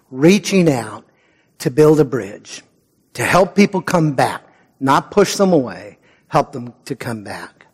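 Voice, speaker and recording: A man preaching a sermon with a slightly high-pitched voice. He talks in an earnest, conversational way, pausing prayerfully and sometimes dropping almost to a whisper. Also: darkish tone, breathy edge. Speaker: pastor.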